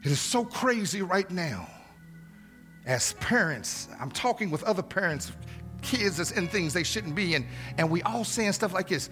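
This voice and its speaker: A man's voice: high voice, lively intonation, moderate pace, over music. A middle-aged man preaching a storytelling sermon in a church, emotional and repetitive, dropping into slangy asides. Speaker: pastor. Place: church sanctuary.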